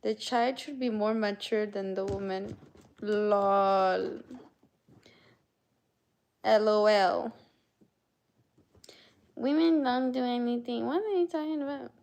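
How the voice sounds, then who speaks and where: Chatting with viewers on a casual livestream, a woman from Canada welcomes people by name and reads their messages out loud. She speaks at a moderate pace with barely any pauses, in a mellow, slightly high voice.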